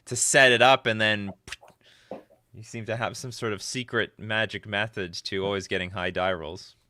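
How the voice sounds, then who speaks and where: Bright-voiced male stream host. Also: fairly low pitch, steady tone, moderate pace. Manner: chatty, self-interrupting. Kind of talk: casual chat, reading viewer questions.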